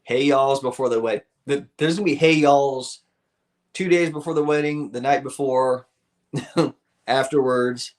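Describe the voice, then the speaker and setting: A man's voice: mid-range voice, steady tone, measured pace. A man hosting a live stream, chatting casually with viewers, rambling, laughing often and swearing freely.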